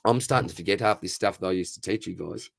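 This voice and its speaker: A man's voice: low-pitched, quick pace, vocal fry. Matey Australian man hosting a stream. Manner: matey, upbeat, reads viewer questions aloud. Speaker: fantasy football livestream host. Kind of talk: casual live Q&A chat.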